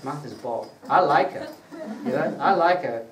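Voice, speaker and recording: A man's voice: on the high side, lively intonation, normal speed. A man preaching a teaching sermon to a small group in a conversational way. He quizzes his listeners and lifts his voice when he quotes scripture. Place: prayer gathering room. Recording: echoey room, distant mic, faint hiss.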